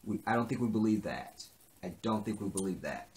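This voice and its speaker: A man's voice: lowish voice, animated, brisk, darkish tone. A man giving a chatty, opinionated recap of a TV drama episode, acting out bits of the dialogue. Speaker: TV episode reviewer.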